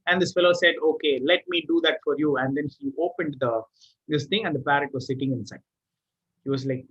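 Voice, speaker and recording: Indian english guy telling kids a story live, chatty, a bit high voice, muffled lo-fi audio. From Tamil Nadu, India. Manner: lively, chatty, with pauses and restarts. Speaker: children's storyteller.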